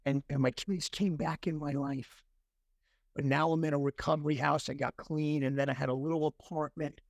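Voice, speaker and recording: A man's voice: on the high side, steady tone, normal speed, creaky, no room sound. A man in his sixties, an interview guest, telling an earnest personal recovery story and acting out the dialogue as he goes. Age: 60s. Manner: earnest, emotional at times.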